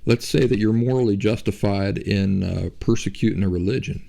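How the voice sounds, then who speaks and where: Gravelly low-voiced man arguing a point. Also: a little fast, dark tone. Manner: rambling, argumentative, rhetorical questions. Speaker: podcast host. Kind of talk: casual monologue.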